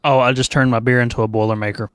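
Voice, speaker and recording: A man's voice: medium pitch, level tone, very fast, crowd noise. A man hosting a podcast, making dry, brief quips over drinks. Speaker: podcast host. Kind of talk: casual chat over drinks.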